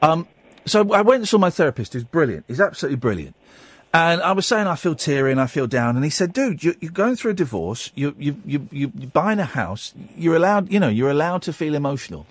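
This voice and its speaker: This is a man hosting a late-night phone-in, his voice sitting high and moving all over the place. He talks candidly and rambles, tripping over his words and repeating them as he goes. The studio mic sounds close and dry. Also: very animated, a little fast, slightly rough, no room sound. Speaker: radio talk show host. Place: radio studio. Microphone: studio microphone.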